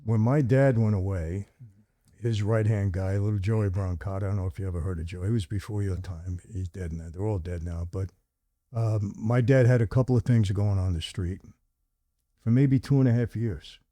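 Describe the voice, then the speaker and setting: An older man hosts a sit-down talk, spinning long stories and voicing the people in them. His tone is mellow and relaxed. The sound is close and dry. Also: fairly low pitch, moderate pace, dry recording. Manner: animated storyteller acting out quoted dialogue. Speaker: host. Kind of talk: conversational storytelling.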